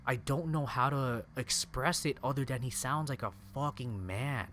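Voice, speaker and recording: A man's voice: mid-range voice, normal speed, hardly any pauses, a bit bright, slight background noise. A young adult man streaming a game, chatting casually with viewers in a rambling, slangy way. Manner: rambling, slangy, peppered with "dude" and "like". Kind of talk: casual gameplay chat.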